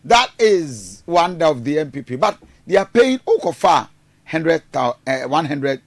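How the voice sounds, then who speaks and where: Gravelly Ghanaian man rambling commentary. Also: on the high side, very animated, a little slow, no room sound. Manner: rambling, hesitant, mixes in Twi phrases. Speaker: political commentator. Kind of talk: casual news commentary.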